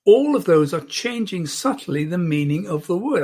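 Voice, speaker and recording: A man teaching an online public speaking lesson, demonstrating as he goes and often dropping to a soft voice close to the microphone. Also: high voice, very animated, moderate pace, few pauses.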